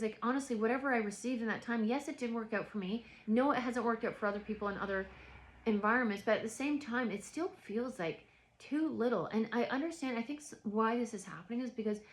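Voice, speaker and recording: Woman vlogging at home, kinda high voice, rambly, lots of likes and you knows. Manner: rambling, many restarts and filler words. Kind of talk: reflective personal monologue.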